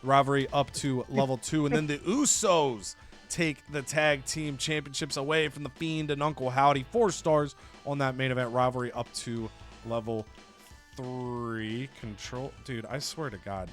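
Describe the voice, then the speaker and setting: A man's voice: medium pitch, fairly bright tone. A young man narrating a wrestling game recap as a let's-play host, storytelling casually and swearing now and then. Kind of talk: animated game recap with put-on voices.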